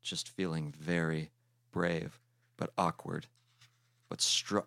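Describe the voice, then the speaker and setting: Slow, deep-voiced sardonic man reading. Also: little pitch movement, vocal fry, a bit bright, dry recording. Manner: sardonic, profane asides. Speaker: comedy podcast host reading a parody story. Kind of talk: crude comedic storybook reading.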